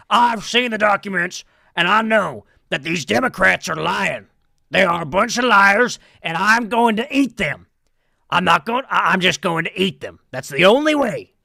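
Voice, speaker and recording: Guy putting on a raspy high-pitched paranoid radio ranter, bright and punchy, super dry sound. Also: dry recording, full character voice. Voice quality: gravelly. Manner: impassioned, shouty ranting. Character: ranting paranoid male talk-radio conspiracy host. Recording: dry close room.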